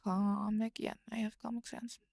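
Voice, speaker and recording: Gravelly-voiced young streamer mumbling while typing. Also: female voice, mid-range voice, little pitch movement, normal speed, darkish tone, no echo. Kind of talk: casual live-stream chat while writing.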